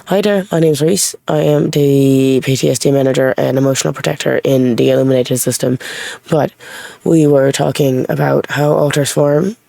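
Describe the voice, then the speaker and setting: Gravelly voice with a light Irish lilt. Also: medium pitch, fairly even intonation, normal speed, warm tone, no room sound. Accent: light Irish-tinged. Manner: rambling, self-correcting, blunt with a bit of swearing. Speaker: vlogger speaking as an alter named Reese. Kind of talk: casual unscripted talk to camera.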